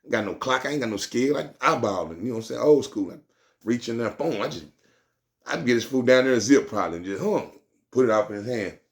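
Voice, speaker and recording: A man's voice: mid-range voice, animated, fast talker, creaky. A man telling a street story in casual slang, rambling and repeating himself.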